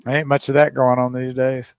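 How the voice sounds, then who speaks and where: A man's voice: mid-range voice, flat delivery, normal speed, clean tone, no echo. A man, co-hosting a radio show in easy banter. He laughs often, and the sound is dry and close. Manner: laughs often, easygoing reactions. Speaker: radio co-host. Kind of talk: casual radio chat.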